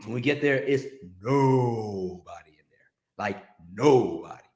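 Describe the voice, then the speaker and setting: A man telling a story in casual chat, animated and acting out other people's lines. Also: mid-range voice, measured pace. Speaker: podcast guest, music industry veteran. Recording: roomy echo.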